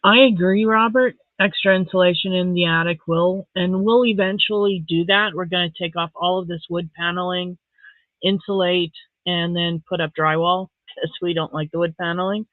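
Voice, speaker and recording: A middle-aged woman from Saskatchewan hosts a casual live stream. She chats softly and emotionally and reads viewer comments aloud. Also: lowish voice, steady tone, moderate pace, dry recording. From Saskatchewan, Canada. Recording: tinny phone-like dry sound.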